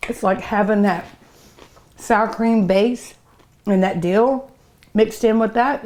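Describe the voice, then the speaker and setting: A middle-aged woman who hosts a cooking show and owns a restaurant chats casually while tasting her food, savoring it aloud with many pleased hums. Her mid-range voice has a darkish tone, and she takes things slowly.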